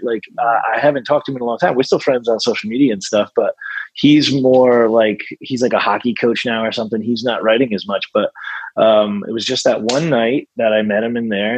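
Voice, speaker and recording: A man's voice: on the low side, breathy edge, no echo, low-quality recording. A male songwriter as a guest in a casual interview, rambling with many fillers and restarts.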